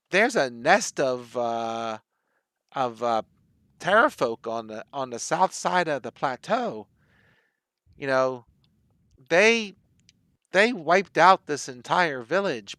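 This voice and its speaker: A man's voice: a bit bright, dry recording, clean studio sound, heavily acted. A man voicing an impossibly old, frail woman hermit who chatters and speaks of herself in the third person. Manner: high cooing croak, talks of herself as Nanny.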